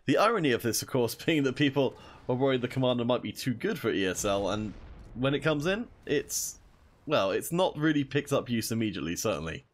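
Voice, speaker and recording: With a mid-range voice, lively intonation, and a brisk pace, a young man provides solo commentary on a mobile shooter tournament. When the action pauses, he reads chat and responds to viewers.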